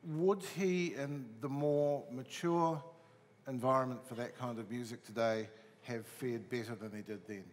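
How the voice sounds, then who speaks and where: A man with a New Zealand accent moderates a panel discussion, putting questions in a measured way with some filler pauses. His pitch is ordinary, and the hall adds a long reverb. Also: steady tone. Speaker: panel chair. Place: museum hall.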